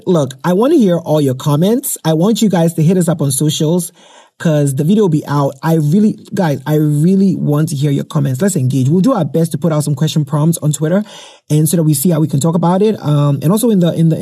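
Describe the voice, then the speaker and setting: A man's voice: fairly high pitch, fast, warm tone, husky. A man hosting a podcast in a chatty, playful way, cheerfully plugging the show. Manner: chatty, playful, self-promoting. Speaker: podcast host. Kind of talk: casual podcast chat.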